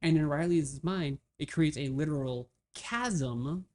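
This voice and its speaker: A woman co-hosting a podcast, chatting casually about a film, fast and animated with many fillers. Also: sits low. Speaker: podcast co-host. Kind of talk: casual movie discussion.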